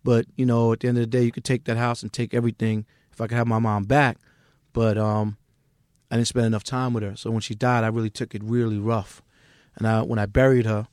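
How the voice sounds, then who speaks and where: A middle-aged man with a New York accent talks bluntly, with a profane, street-wise edge. His voice sits at an ordinary pitch for a man. The recording is dry and close, with no room sound. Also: darkish tone, no room sound. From Queens, New York. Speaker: music manager, guest. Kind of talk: candid podcast interview.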